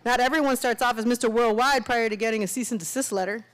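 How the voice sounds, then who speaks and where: A woman from Miami, an author reading her own fiction aloud in a steady, conversational way. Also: on the high side, fast. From Miami, USA.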